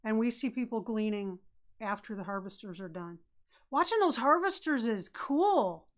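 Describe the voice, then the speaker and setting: With a fairly high, expressive voice at normal speed, a woman from Idaho, USA, co-hosts a live stream. She keeps the chat casual, tells stories, and regularly interrupts her co-host.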